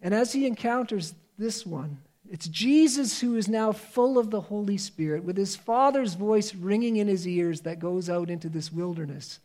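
A man preaching a sermon in an earnest, emphatic way, moving between raised and hushed delivery. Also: sits high, normal speed, few pauses.

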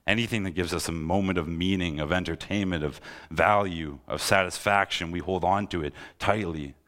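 A young man delivers a sermon with a very low voice. He speaks earnestly and presses his listeners with pleading, impassioned questions. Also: moderate pace, a bit bright. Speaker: preacher.

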